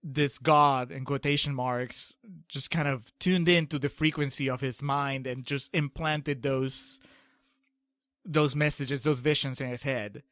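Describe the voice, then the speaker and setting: A man's voice: medium pitch, steady tone, unhurried, fairly bright tone, no echo. Chatty man with a dry close sound. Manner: chatty, laughs often. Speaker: podcast co-host. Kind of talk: casual film discussion.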